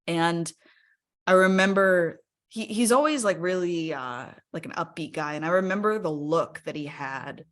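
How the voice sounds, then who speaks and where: A woman's voice: fairly low pitch, moderate pace, a bit bright. A woman speaking candidly to a live webinar audience from her home workspace over a video call, often checking in with listeners. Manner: candid, conversational, often asks the audience "right?". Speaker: speaker sharing a personal story.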